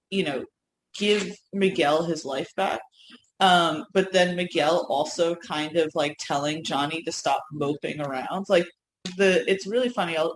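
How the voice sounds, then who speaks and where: A woman's voice: low voice, slight background noise. A woman co-hosting a podcast, chatting enthusiastically about TV with lots of fillers. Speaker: co-host. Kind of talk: casual podcast chat. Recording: echoey room, faint ambience.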